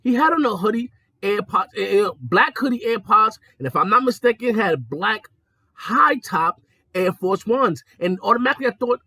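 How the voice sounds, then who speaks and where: A young podcast host rants his way through a casual, profane story at a moderate pace. His high voice swings widely, jumping to excited peaks and dropping into low, mocking asides. The sound is bright with a slight husk, recorded close and dry with no room sound.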